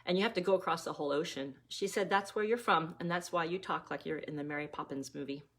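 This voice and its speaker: A woman voicing a bold, loud, eager ten-year-old girl. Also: sits low, fast talker.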